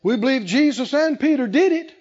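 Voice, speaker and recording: A male preacher giving a sermon to a congregation, animated and playful, often laughing and acting out scenes. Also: very high-pitched, a little fast, dull audio. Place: church service with congregation.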